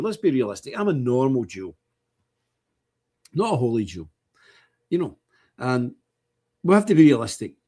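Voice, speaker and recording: Husky Scottish man preaching blunt opinions. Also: a little high, darkish tone. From Scotland. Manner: emphatic, repetitive, blunt. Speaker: livestream host. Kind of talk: preachy livestream monologue. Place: indoor chapter house with open fire.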